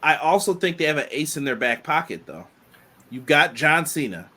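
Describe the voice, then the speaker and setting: A man co-hosting a casual wrestling podcast, animated and quick to laugh and tease. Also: a little high. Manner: animated, laughs often, playful teasing. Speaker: podcast co-host.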